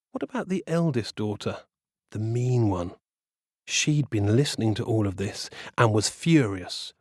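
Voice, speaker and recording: A man tells a fairy tale for children with playful, expressive delivery. His pitch swings widely from line to line. The recording is close and dry, with no room sound. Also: no echo. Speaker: storyteller. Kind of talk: storytelling for children.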